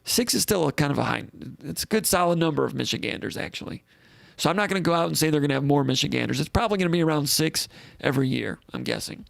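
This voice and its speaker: A man's voice: on the high side, animated, fast talker, creaky, fairly bright tone, dry recording, studio quality. A man hosting a live call-in sports show in a casual, rambling way, reading out comments and thinking aloud.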